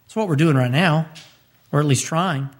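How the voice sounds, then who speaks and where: Emphatic high-voiced male preacher. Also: normal speed. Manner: emphatic preaching, repeats key phrases, pitch leaps up when stressing points. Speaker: pastor. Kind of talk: radio sermon.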